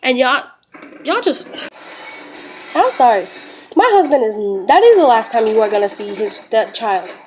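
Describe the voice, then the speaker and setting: Young woman, furious rant, cursing, higher voice, faint hiss. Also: expressive, normal speed, pauses often. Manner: angry, cursing, sarcastic quoting. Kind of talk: angry confrontational rant to family.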